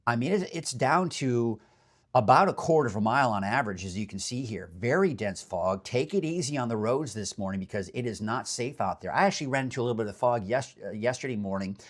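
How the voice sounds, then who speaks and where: A man's voice: medium pitch, lively intonation, fairly quick. A man working as a meteorologist, giving a casual morning weather chat from a hotel room, rambling and chatty with fillers.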